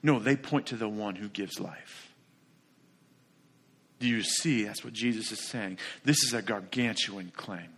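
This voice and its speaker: A man preaching a sermon as pastor, emphatic and full of rhetorical questions, swinging between loud declaration and soft asides. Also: fairly low pitch, measured pace, breathy edge.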